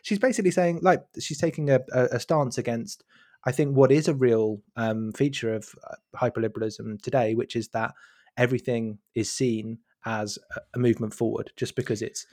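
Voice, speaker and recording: A man's voice: mid-range voice, steady tone, a little fast, a little mellow, no room sound, studio quality. A man in a casual podcast discussion, thinking aloud and hunting for the right words. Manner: searching for words, many restarts.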